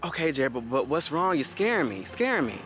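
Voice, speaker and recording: A man's voice: a little high, sing-song, fairly quick, a bit bright, faint music behind. A man voicing a worried, loving middle-aged mother who presses him with anxious questions.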